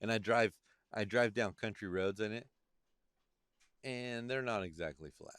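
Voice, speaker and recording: A man hosting a casual podcast chat, telling animated stories and swearing freely. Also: on the low side, a little slow, clean tone, dry recording. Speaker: podcast host.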